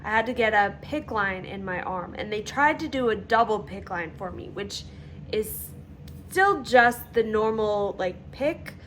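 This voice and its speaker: A woman telling her own story in a vlog, candid and halting, with frequent fillers and pauses as she recalls events. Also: mid-range voice, animated, fairly bright tone, a little hiss or hum.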